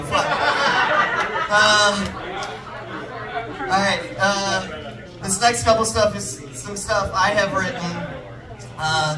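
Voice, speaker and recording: A man doing a rambling, self-deprecating stand-up set, out of breath on a club stage. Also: sits high. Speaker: stand-up comedian. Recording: roomy club sound from a distance, loud crowd and noise.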